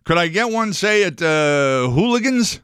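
A man's voice: sits high, animated, a little slow, fairly bright tone, clean tone, no echo, clean studio sound. A man co-hosting a radio show, chatting in a playful, joking way and laughing easily. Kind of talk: casual radio banter.

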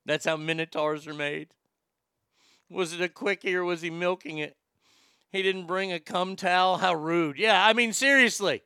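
A man's voice: sits high, normal speed, bright, forceful tone, clear, resonant tone, dry recording, studio quality. A man hosting a comedy podcast, rambling and joking crudely, often stammering and repeating words. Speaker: podcast host.

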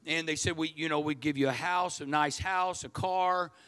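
A man's voice: a little high, fairly even intonation, moderate pace, bright, forceful tone, clean tone. A man preaching a sermon, telling a personal story in a folksy, repetitive way. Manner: folksy, storytelling, repeats words. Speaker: pastor.

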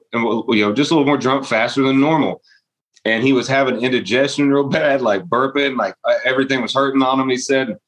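A man's voice: medium pitch, a bit bright. A man in casual chat telling a rambling story and laughing as he goes.

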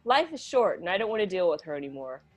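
A woman co-hosting a comedic advice podcast, reading listener letters aloud and then mulling them over in a chatty, halting way. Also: on the low side, sing-song, soft background music. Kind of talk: casual comedic podcast chat.

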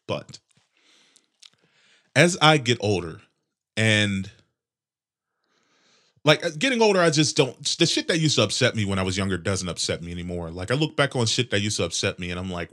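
A man's voice: mid-range voice, big pitch swings, moderate pace, pauses often, a bit bright. Congested, profane young man ranting. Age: 20s. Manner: profane, rambling, sarcastic. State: congested nose, clearing throat. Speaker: podcast host. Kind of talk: casual solo podcast rant.

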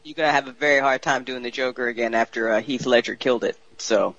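A woman's voice: rumbling low, steady tone, quick pace, a bit bright, no echo, dull audio. A woman co-hosting a casual podcast, laughing and self-deprecating. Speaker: co-host.

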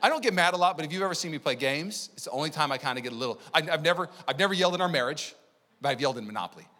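Man pastor preaching, chatty storytelling, bright tone, echoey sanctuary. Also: on the high side, rapid-fire. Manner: energetic, conversational, storytelling. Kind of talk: sermon. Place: church sanctuary. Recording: long church hall reverb.

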